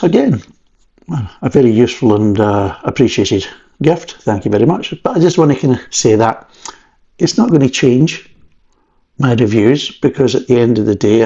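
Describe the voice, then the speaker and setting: A man's voice: medium pitch, a little mellow, dull audio. Rambling Scottish man reviewing beer. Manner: rambling, chatty, with jokey asides. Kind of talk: casual vlog review. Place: at home at a table.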